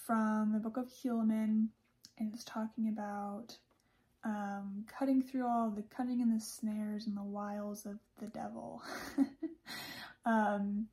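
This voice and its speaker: A woman with a fairly high, mellow voice talks through a religious speech in a relaxed, chatty way. She laughs often and fills her pauses with little fillers as she goes. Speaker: podcast host. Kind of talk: casual talk about a religious speech.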